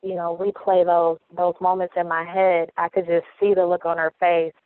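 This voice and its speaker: A woman's voice: lowish voice, little pitch movement, normal speed. A woman around forty, a guest telling her personal story in an earnest, reflective way, often repeating phrases as she thinks aloud. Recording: tinny phone-like line, dry.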